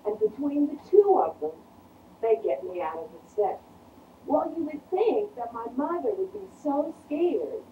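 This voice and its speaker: A woman telling a personal childhood story aloud, in an animated and expressive way. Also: on the high side, narrow, tinny audio. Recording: echoey room, mic from a distance, faint noise.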